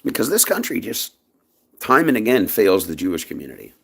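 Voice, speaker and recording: A man's voice: fairly quick, vocal fry, breathy edge. A man from Canada giving an impassioned personal monologue in his own vlog, speaking emphatically. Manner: emphatic, impassioned, lively swings in pitch. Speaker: vlogger.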